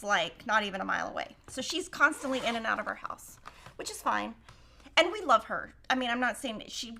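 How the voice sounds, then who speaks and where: Middle-aged lady chatting thru a sewing stream, kinda high voice, bright, tells stories and does math out loud. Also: creaky, slight background noise. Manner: chatty storyteller, thinks aloud over math. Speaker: quilting show host. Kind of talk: casual chat while cutting fabric.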